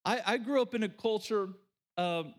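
A man's voice: high-pitched, moderate pace. A middle-aged man from rural Oklahoma preaching a sermon, emphatic and folksy, repeating his key lines for the congregation. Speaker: pastor.

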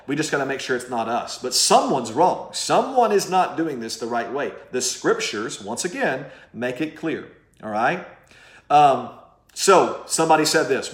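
A man's voice: mid-range voice, fairly bright tone, reverberant. A man preaching a sermon as pastor, conversational and emphatic, putting direct questions to his listeners.

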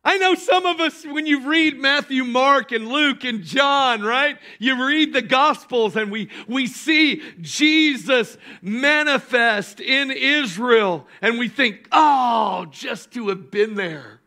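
A man pastor preaching a sermon with emphatic bursts of shouting, calling on the congregation to answer back. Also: very high voice, slow, few pauses. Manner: calls on the congregation to respond.

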